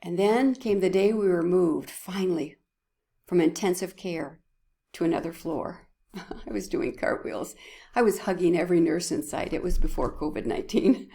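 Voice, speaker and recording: A woman's voice: lowish voice, moderate pace, warm tone. A woman giving a heartfelt devotional talk at church, emotional and often dropping to a whisper. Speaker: church speaker.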